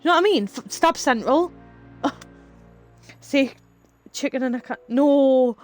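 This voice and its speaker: Lass streaming, rambly stories, swears n laughs, higher voice, quiet music under. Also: female voice, unhurried. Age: 30s. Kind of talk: casual chat with live chat.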